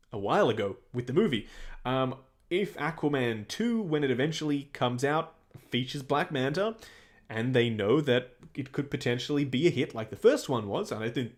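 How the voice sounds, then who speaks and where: A young Australian man hosting a casual livestream, reading viewer questions aloud and answering them in a chatty way. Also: mid-range voice. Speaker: livestream host answering chat.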